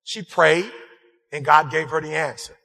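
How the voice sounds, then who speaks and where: A man giving an impassioned sermon-style motivational speech, fiery and repetitive, calling out to the crowd and breaking into shouts. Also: a little high, measured pace, creaky, in a large hall. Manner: fiery, repetitive call-and-response, bursts into shouts. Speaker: motivational speaker and preacher.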